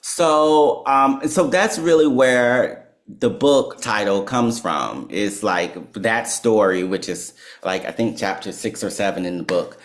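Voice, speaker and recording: Animated storytelling man. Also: on the low side, measured pace. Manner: animated storyteller who laughs and acts out quotes; filler-heavy with "like" and "right?". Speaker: guest author and psychologist. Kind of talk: storytelling in conversation.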